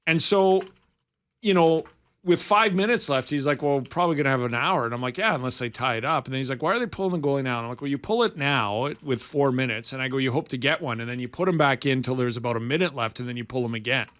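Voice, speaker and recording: A man's voice: mid-range voice, quick pace. A man in his forties from Alberta, co-hosting sports radio and telling a long story in a casual way, acting out the quotes. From Alberta, Canada. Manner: animated, acts out quoted dialogue.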